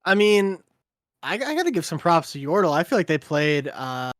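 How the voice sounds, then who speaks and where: A man giving color commentary on a live esports match, laid-back and halting, with many fillers. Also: on the high side, very animated, no echo, clean studio sound. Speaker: esports co-caster.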